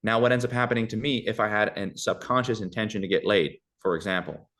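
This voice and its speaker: A young man talks fast in a low, deep voice, handing out casual advice as a podcast guest. He is animated and slips into other voices to act out short exchanges. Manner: animated, acts out dialogue in shifting voices.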